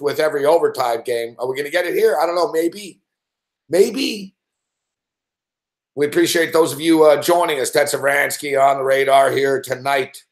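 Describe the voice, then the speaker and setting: A man hosting a late-night sports betting show, ranting loudly and cursing constantly. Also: fairly high pitch, echoey room. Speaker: host. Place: indoor home studio.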